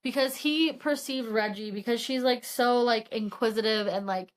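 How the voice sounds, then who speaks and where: A woman's voice: fairly high pitch, normal speed. A woman co-hosting a podcast, casually retelling a novel's plot with lots of filler words and acted-out lines of dialogue. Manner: rambling, heavy filler use, retells dialogue. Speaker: podcast co-host. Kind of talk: casual book recap chat.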